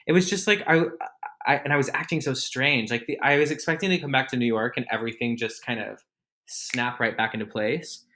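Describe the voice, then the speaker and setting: A man talking as a podcast guest in relaxed, candid conversation, often making fun of himself. His voice sits at an ordinary middle pitch. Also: brisk. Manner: easygoing, self-deprecating and candid. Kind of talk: casual interview chat.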